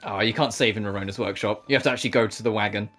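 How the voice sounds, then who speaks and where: A woman's voice: a bass voice, racing, a bit bright. A woman streamer giving chatty, giggly commentary while playing a game. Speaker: let's play streamer. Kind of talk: casual gameplay commentary. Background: game music.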